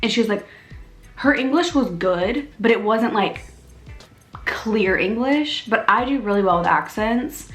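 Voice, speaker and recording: Young female vlogger, storytime delivery, mid pitch, echoey room, faint music bed. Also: unhurried. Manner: animated storytelling, acts out dialogue, frequent "like". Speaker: beauty vlogger. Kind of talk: casual storytime vlog.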